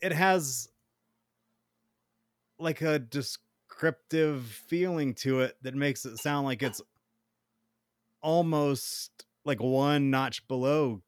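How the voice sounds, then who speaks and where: A man's voice: medium pitch, slow pace, pauses often, dry recording. A man co-hosting a podcast in casual chat, rambling through examples and acting out friends' lines in funny voices. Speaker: podcast co-host.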